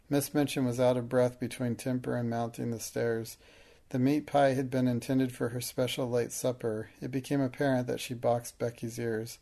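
A man narrating an audiobook in a steady, measured reading. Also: mid-range voice, gravelly.

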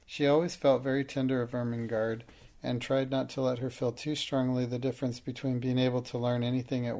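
A man with a gravelly voice narrating a storybook in a steady, even reading. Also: mid-range voice. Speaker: audiobook narrator. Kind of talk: scripted narration.

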